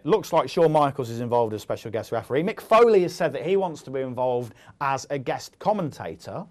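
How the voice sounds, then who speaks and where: A man in his thirties hosting a casual studio chat, jokey and quick, with plenty of ums. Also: medium pitch. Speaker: host.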